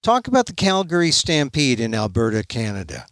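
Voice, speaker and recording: A man hosting a podcast interview, posing questions in a halting way with restarts. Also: medium pitch, huge pitch swings, gravelly, fairly bright tone, no echo. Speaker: podcast host.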